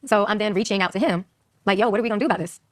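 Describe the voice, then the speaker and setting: Woman guest, rapid animated storyteller, dry recording. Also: medium pitch, no room sound. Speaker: guest telling her story. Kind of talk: casual conversation.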